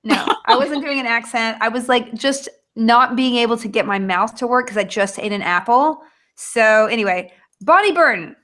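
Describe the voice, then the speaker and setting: A woman's voice: a little high, normal speed, a bit bright. A woman in her thirties hosting a book club over a video call, chatty and rambling, laughing often. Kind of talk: casual video chat.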